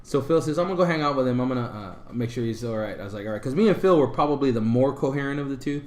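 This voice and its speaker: A man on a podcast casually telling a long, rambling story, full of fillers and animated retellings. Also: medium pitch, very fast. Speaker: podcast co-host. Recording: roomy echo.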